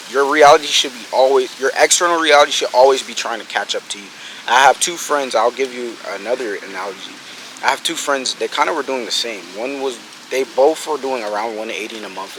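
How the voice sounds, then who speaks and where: A man in his twenties giving a casual, energetic motivational talk about business, swearing freely and acting out his friends' words. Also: medium pitch, slight background noise, poor audio. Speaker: business coach vlogger.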